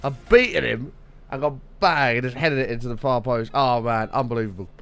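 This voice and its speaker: A young man hosting a casual gaming live stream, greeting viewers by name and chatting with excitable bursts, his voice slightly rough. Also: mid-range voice, a little fast, soft background music.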